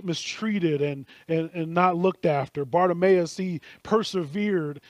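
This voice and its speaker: A man delivers a sermon in an earnest, searching way, with a voice sitting a little higher than most men's. He often doubles words as he presses a point. The sound is dry and close, with no room around it. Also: no room sound. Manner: earnest, repeats words when stressing a point, acts out bystanders' lines. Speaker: preacher.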